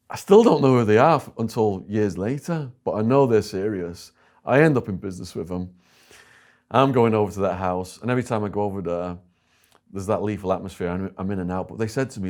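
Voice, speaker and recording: A man's voice: on the low side, brisk. A man with an English accent, an interview guest telling a story and acting out what others said. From England. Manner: animated storyteller voicing other people in quotes.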